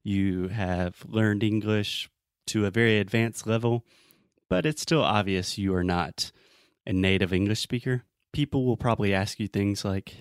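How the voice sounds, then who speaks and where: A man's voice: fairly low pitch, unhurried, smooth, dry recording, studio quality. A man with a mild Southern American accent, teaching English in a conversational lesson and acting out example lines. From Southern United States. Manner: explanatory, acts out example lines.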